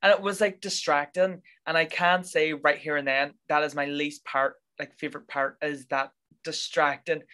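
A man co-hosting a casual film review chat, expressive and sassy with playful swearing. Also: on the high side, moderate pace, clear, resonant tone. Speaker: podcast co-host.

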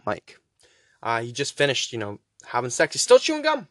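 A young man hosting a podcast, casually rambling through a movie recap with profanity and quick voice impressions. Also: medium pitch, huge pitch swings, fairly bright tone, no room sound, clean studio sound. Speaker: podcast host.

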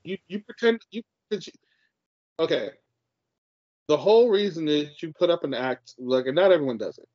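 A man co-hosts a podcast in a loose, emphatic way, with plenty of passion and casual swearing. His voice sits fairly high for a man. The audio is dull and dry, with no room sound. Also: animated, moderate pace, long pauses, no room sound. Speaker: podcast co-host.

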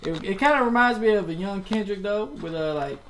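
A man's voice: high voice, animated, fairly quick, very noisy. A man co-hosting a podcast in casual chat, talking in a laid-back, slangy way with lots of "man" and "you know". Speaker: podcast co-host.

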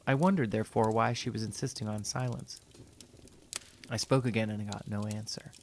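A man narrating a story in a measured, even reading voice. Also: fairly low pitch, slight background noise.

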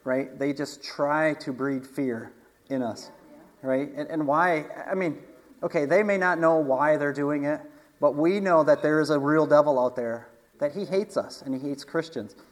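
A man's voice: on the high side, unhurried, low-quality recording. A man preaching in a casual storytelling manner, chatty, with frequent asides, restarts and laughs.

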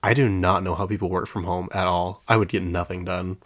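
Deep-voiced man rambling on his podcast. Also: level tone, a little fast, fairly bright tone. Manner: rambling, drifts off topic with many fillers; chatty storyteller who laughs often. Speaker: podcast host. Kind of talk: casual solo podcast chat. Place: his home podcast room.

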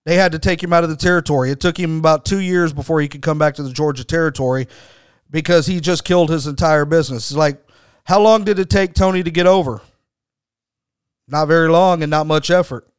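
A man's voice: a little high, smooth, dry recording. A man hosting a podcast, telling a wrestling story in a blunt, emphatic way and swearing freely. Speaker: podcast host. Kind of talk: storytelling commentary.

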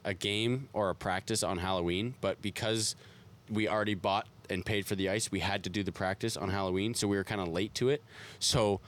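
Young Canadian man telling stories. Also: fairly low pitch. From Toronto area, Canada. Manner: rambling storyteller, casual swearing, flat denials. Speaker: podcast co-host. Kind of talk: casual podcast chat.

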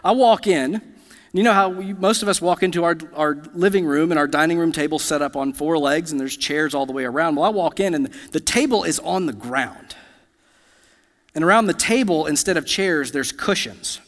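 A man's voice: fairly high pitch, normal speed, fairly bright tone. A man in his thirties, a pastor from the United States, preaching a conversational sermon to a church congregation and telling personal stories with asides to the room. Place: church sanctuary. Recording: long hall reverb.

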